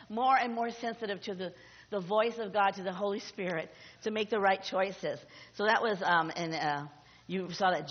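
A woman's voice: fairly high pitch, husky. A middle-aged woman pastor preaching a sermon, emphatic and exhorting, often repeating her phrases. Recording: dull audio with long hall reverb.

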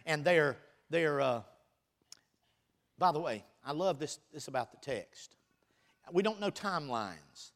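A man preaching a sermon, reading scripture aloud and swinging between loud bursts and quiet, teasing asides. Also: sits high.

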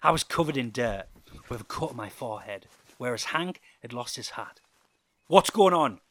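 A man's voice: mid-range voice, lively intonation, brisk, bright, forceful tone. A man reading a first-person fan fiction story in a dramatic storytelling way.

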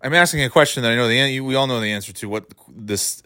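A man's voice: mid-range voice, fast talker, sharp tone, dry recording, studio quality. Angry, profane man ranting. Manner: fragmented, restarting sentences. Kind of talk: ranting monologue.

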